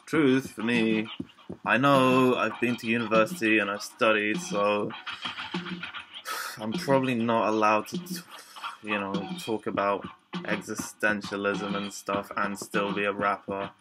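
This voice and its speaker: A man's voice: fairly low pitch, flat delivery, measured pace, background noise. A young man, a rapper, rants in a rambling, profane and defensive vlog monologue. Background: music.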